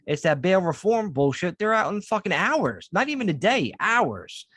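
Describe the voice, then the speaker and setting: A man co-hosting a podcast, talking in casual chat and telling stories with heavy swearing and animated energy. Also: high-pitched, moderate pace, husky, no echo. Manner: profane, animated storytelling. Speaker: podcast co-host.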